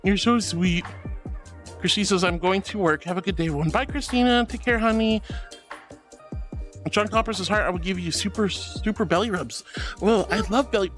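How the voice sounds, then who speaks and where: A man's voice: sits high, moderate pace, long pauses, fairly bright tone, soft background music. A man streaming as a VTuber, reading chat aloud and answering viewers with affectionate pet names and giggles. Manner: affectionate, calls viewers darling and sweetheart.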